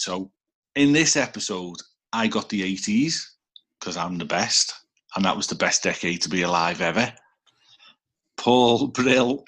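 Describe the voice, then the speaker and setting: A man's voice: on the low side, a little slow, a bit bright, slightly rough. A man with a Liverpool accent hosting a casual podcast over a video call, teasing and swearing at his friends. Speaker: episode host.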